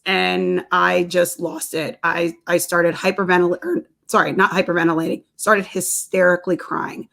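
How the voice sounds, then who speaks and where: Lively woman telling a story, lowish voice. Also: normal speed, vocal fry, hardly any pauses. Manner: lively storyteller, laughs often, repeats words while talking. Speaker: nutrition counselor and personal trainer, podcast guest. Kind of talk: casual storytelling interview.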